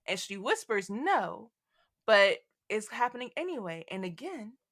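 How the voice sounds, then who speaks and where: Bright-voiced woman podcast cohost, animated, laughs a lot, acts out quotes. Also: medium pitch, a little slow. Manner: animated, laughing, reads quotes with dramatic flair. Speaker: podcast co-host. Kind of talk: casual book discussion.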